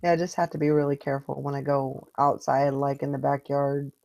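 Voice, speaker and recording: Hosting a morning online video hangout, a woman chats casually and tells rambling stories, often restarting her sentences. Her very deep voice is gravelly and mellow, with little pitch movement and a slightly fast pace. The recording has no echo but sounds muffled.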